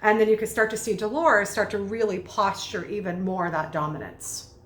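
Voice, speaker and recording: Energetic woman coach in an echoey room. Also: medium pitch. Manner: energetic, conversational, quick bursts. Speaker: communication coach. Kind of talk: video lesson commentary.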